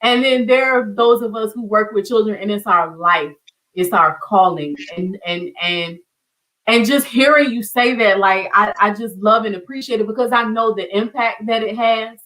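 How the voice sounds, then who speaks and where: A woman's voice: medium pitch, fairly even intonation, moderate pace, a bit bright, low-quality recording. A woman hosting an online community show, speaking with heartfelt emotion and often repeating her words. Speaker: host. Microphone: video call.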